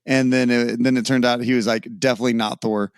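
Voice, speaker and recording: A man's voice: mid-range voice, flat delivery, quick pace, clear, resonant tone, no room sound, studio quality. Casual rambling male podcast host. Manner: loose, rambling, swears casually. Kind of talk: casual chat.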